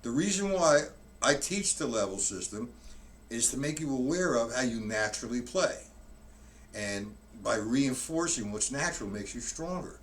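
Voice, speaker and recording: A man's voice: mid-range voice, lively intonation, normal speed. A man teaching drums in a live-streamed lesson, explaining each step plainly and often restarting his sentences. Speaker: drum teacher. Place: room with a drum kit. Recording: distant mic with loud drumming. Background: loud drumming.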